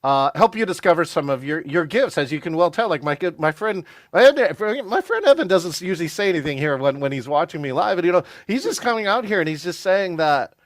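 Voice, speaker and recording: Lively man hosting an interview. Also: fairly high pitch, a little fast, few pauses, no room sound, studio quality. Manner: lively, conversational, frequent "right?". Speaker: podcast host. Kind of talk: podcast interview.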